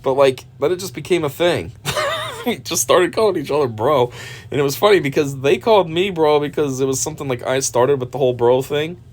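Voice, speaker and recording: A man's voice: fairly high pitch, brisk. A man hosting a reaction video, giving casual, profane, mocking commentary and laughing often.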